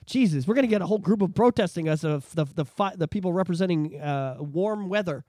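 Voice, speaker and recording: Fast, fiery Canadian man ranting. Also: high-pitched, expressive, dry recording. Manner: heated, profane ranting with shouted outbursts; jokey, sarcastic asides. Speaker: podcast co-host. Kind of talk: casual political chat.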